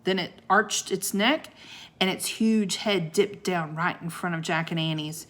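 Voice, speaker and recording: A woman reading a children's book aloud like a teacher, unhurried and expressive, with asides to her young listeners. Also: on the low side. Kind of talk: children's storybook read-aloud.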